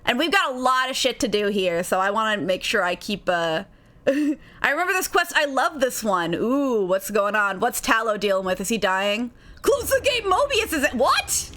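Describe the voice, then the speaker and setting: Young woman streamer, lively and giggly, bright, swooping voice, faint game music under her. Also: mid-range voice, moderate pace. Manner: bubbly, giggly, voices the characters. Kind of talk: live game stream commentary and reading dialogue aloud.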